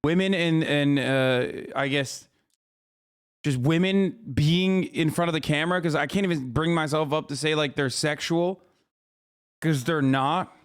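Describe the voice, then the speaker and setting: A man's voice: on the high side, unhurried, clear, resonant tone. A man in his thirties from the United States, reacting to a clip on a live stream in a loose, incredulous, mocking and profane way. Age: 30s. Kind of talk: casual live-stream commentary.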